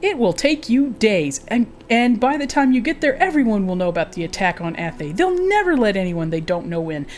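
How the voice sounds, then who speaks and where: A woman voicing a drunken, grumbling male elf boat captain who talks slowly and slurs. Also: medium pitch, big pitch swings, faint music behind, lightly acted. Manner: slurred, slow and exasperated.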